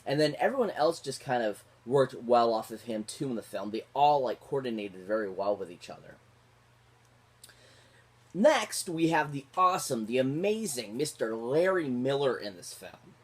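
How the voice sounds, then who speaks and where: A man's voice: mid-range voice, lively intonation, normal speed, hardly any pauses, breathy edge. A man giving a casual, rambling film review, gushing about the actors with constant fillers and restarts. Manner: gushing, repeats favourite words. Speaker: movie reviewer.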